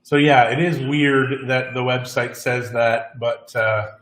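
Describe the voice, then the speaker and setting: A man co-hosting a casual live-stream chat, joking and teasing through relaxed banter. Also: mid-range voice, slow, reverberant. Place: home in Mexico.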